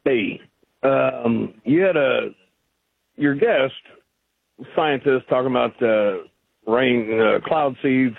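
A man's voice: mid-range voice, slow, creaky, long pauses, no echo. A man calling in to a radio show, arguing his point with hesitant fillers. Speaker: radio caller. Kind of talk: phone-in conversation. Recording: phone line.

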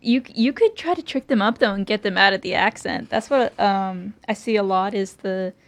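A woman chatting casually about mock trial, relaxed and full of fillers. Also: mid-range voice, moderate pace. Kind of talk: casual chat.

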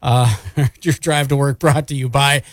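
A man's voice: mid-range voice, fairly even intonation, unhurried, no room sound. A male radio DJ with an upbeat, chatty manner, reading fun facts and the weather. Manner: upbeat, chatty, jokes at his own slips. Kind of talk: morning radio patter and weather read.

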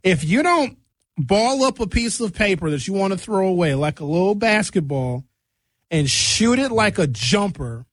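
Jokey, animated male radio host. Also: high voice, moderate pace, no echo. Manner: animated, jokey, jumps between tangents. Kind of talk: casual radio chat.

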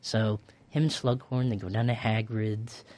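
A man's voice: fairly low pitch, flat delivery, unhurried, a little mellow, no echo. A young man hosting a casual podcast, recapping a film in a laid-back, rambling way with lots of fillers and slang. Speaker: podcast host. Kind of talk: casual chat.

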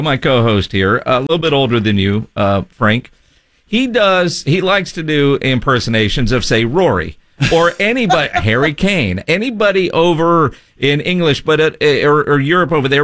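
A man's voice: a little high, very animated, normal speed, fairly bright tone, dry recording, clean studio sound. Casual male sports radio host. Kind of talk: radio interview.

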